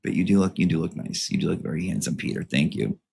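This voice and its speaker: Campy guy reading fan emails, sassy, swears a lot, kinda low voice. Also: fast talker, creaky, a little mellow, husky. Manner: campy, sassy, swears freely, lots of asides. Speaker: channel host reading viewer emails. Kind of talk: casual chat to a live audience.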